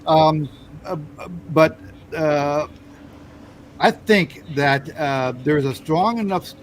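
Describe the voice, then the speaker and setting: A fairly high-voiced American man hosts a casual political talk, stumbling through restarts and fillers as he argues his point. A faint hum of background noise sits under his voice. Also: extremely slow, low-quality recording. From United States. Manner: hesitant, many fillers and restarts, pushes back. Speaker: host.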